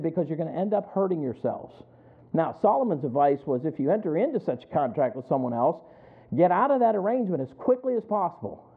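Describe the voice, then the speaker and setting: A man preaching a sermon in a conversational way, calling on listeners by name and building to emphatic peaks. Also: fairly high pitch. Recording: tinny phone-like sound.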